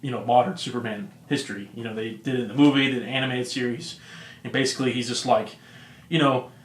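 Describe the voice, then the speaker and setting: A man's voice: medium pitch, fairly even intonation, quick pace, a little hiss or hum. A man hosting a podcast, rambling through a story in casual chat with lots of fillers. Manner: rambling retelling with many fillers. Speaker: podcast host. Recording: roomy echo.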